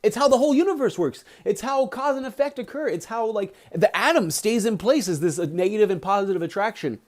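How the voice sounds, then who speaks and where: Young male streamer, slightly high voice, excitable casual storyteller who leans on fillers and acts out every quote. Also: a little fast. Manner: animated, excitable, acts out quotes with big pitch jumps; many fillers like "he's like". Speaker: streamer reading a book aloud. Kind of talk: casual retelling of a book on a livestream.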